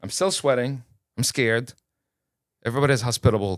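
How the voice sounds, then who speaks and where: A man from Kuwait, first language Arabic, guests on a podcast and tells a personal story in a medium-pitched voice at a fairly quick pace. He keeps it casual and animated, acting out the exchanges. Studio quality, with no room sound.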